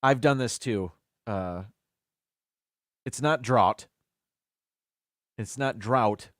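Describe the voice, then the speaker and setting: Guy on a live stream, lively pitch, dry close sound, just chatting away. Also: slow, dry recording. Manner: chatty, muses aloud about word pronunciations. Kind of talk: casual solo live stream.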